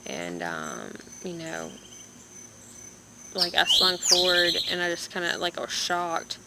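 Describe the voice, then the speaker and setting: A young woman vlogger, in pain and low on energy, telling a story in a rambling, halting way into a phone. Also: sing-song, gravelly. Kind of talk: casual vlog storytelling. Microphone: phone camera. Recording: background noise with birds and insects.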